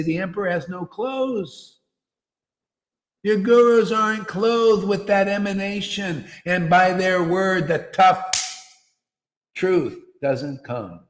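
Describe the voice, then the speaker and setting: A man's voice: high voice, big-room sound. A man preaching a fiery devotional sermon, emphatic and confrontational, challenging his listeners.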